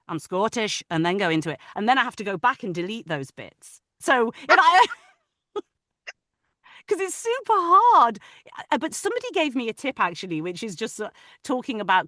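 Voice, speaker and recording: A woman who narrates audiobooks, talking about her craft in an animated, chatty way with frequent restarts. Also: on the low side, no echo, studio quality. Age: adult, parent of older children. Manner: animated, talkative, many restarts. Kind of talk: casual interview chat.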